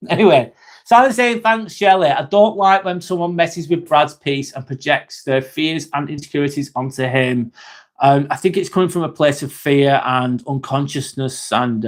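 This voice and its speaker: A young man hosting a casual live stream, chatting to viewers, swearing now and then and calling people mate. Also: mid-range voice. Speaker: livestream host reading chat.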